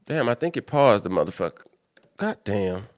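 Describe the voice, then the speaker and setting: Tech trouble has this young livestreamer swearing loudly and bluntly as he chats casually with viewers. His fairly low voice swings widely in pitch, and he keeps a moderate pace.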